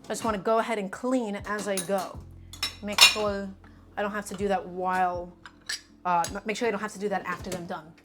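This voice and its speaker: A woman's voice: mid-range voice, fairly even intonation, a little fast, loud music behind the voice. A woman chatting casually through a live cooking stream, emphatic and talking to her viewers as friends.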